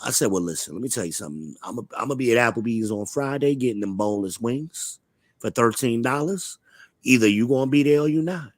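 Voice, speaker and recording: A man's voice: medium pitch, quick pace. A man with a mid-range voice hosts a live online talk show, and his delivery is blunt, profane and swaggering. The sound is close and dry, with almost no room echo. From Charlotte, United States. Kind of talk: casual opinionated chat.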